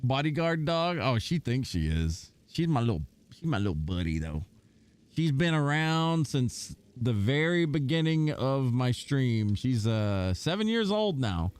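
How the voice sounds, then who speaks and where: A man chatting casually on a livestream, telling stories with animation and cooing softly at his dog. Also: mid-range voice, big pitch swings, unhurried, clean tone. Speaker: gaming streamer.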